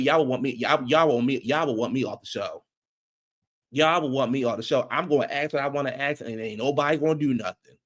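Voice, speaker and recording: A man reviewing a reality TV episode in casual commentary, ranting in an animated, profane way. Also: mid-range voice.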